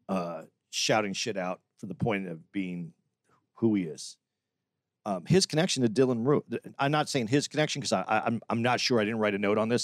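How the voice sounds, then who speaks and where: A man's voice: lowish voice, no room sound, clean studio sound. A man co-hosting a podcast in casual discussion, arguing earnestly with frequent restarts. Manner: earnest, argumentative, many restarts. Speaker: podcast co-host.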